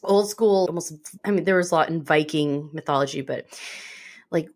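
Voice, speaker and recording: A woman's voice: sits low, moderate pace. A woman co-hosting a podcast, chatting casually and energetically as she retells a book's plot and swears freely. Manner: animated, swearing, retelling plots with quoted voices. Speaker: podcast co-host. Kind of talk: casual chat recommending books.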